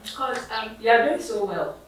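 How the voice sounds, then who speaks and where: A talk show interviewer asking respectful questions in a warm manner. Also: medium pitch, lively intonation, normal speed. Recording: echoey room, distant mic, noise.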